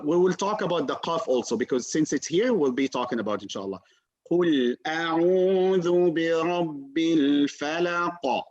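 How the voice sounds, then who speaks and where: A male teacher giving an online class, patiently repeating sounds slowly for his students to copy. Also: medium pitch, husky. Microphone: video call. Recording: dull lo-fi video call audio.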